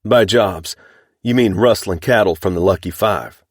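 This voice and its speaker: A stern young cowboy , as a man narrating puts him on, firm and sarcastic, pushing his voice up and louder above a low natural register. Clipped, commanding delivery in a dry, close recording. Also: unhurried, dry recording.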